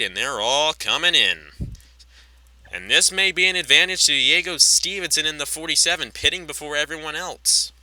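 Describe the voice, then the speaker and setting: A man doing play-by-play race commentary in a voice that is very bright and sharp, pitched a bit high for a man. He calls the action in a rapid, chatty way, catches his own slips and drifts into offhand asides. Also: no room sound, rough recording. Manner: rapid call with self-corrections and chatty asides.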